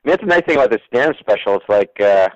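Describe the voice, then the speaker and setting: A man's voice: medium pitch, quick pace, no room sound. Guy rambling thru a story on a radio show, lots of ums, dry muffled mic. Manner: relaxed, rambling, many fillers. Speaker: guest comedian. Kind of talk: casual storytelling.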